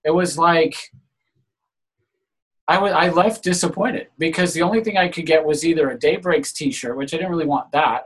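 A man's voice: fairly high pitch, slightly rough, rough recording. A man casually telling a story on a group call, earnest and a little aggrieved.

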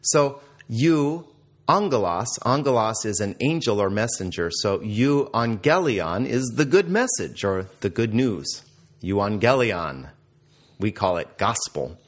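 A man's voice: lowish voice, sing-song, slow. A man teaching a Greek grammar lesson, explaining patiently and quizzing the listener.

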